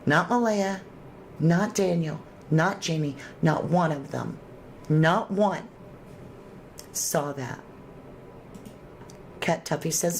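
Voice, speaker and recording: A woman's voice: low voice, expressive, slow, long pauses, a little hiss or hum. Chatty woman hosting a true crime livestream. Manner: warm, chatty, thanks viewers with endearments. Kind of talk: casual livestream chat reading comments.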